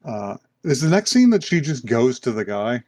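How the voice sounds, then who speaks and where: A man chatting casually on a podcast, recapping a story in a loose, rambling way. He slips into brief put-on voices for the characters and laughs along the way. His voice sits at a middle pitch, recorded close and dry. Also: sing-song, moderate pace, darkish tone, no echo. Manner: rambling retelling with put-on quotes, many fillers and laughs. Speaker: podcast co-host. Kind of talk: casual chat recapping an anime.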